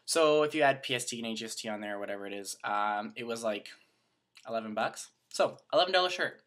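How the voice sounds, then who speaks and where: A man's voice: mid-range voice, lively intonation, fairly quick, fairly bright tone. A young man from Canada chatting to camera in a rambling, self-mocking vlog. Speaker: vlogger. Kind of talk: casual chat to camera.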